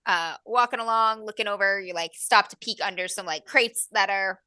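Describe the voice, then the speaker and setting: A woman's voice: mid-range voice, normal speed, sharp tone, clear, resonant tone, no room sound. Chatty woman game master. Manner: chatty with fillers and laughs. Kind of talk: narrating a tabletop game.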